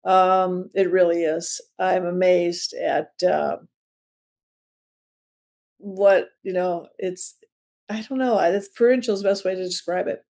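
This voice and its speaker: Gravelly-voiced woman in her seventies, chatty. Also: fairly low pitch, fairly even intonation, a little slow, pauses often, a little mellow. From Chicago area. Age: 70s. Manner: chatty, rambling, self-deprecating storyteller. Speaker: comedian guest. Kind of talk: casual interview chat.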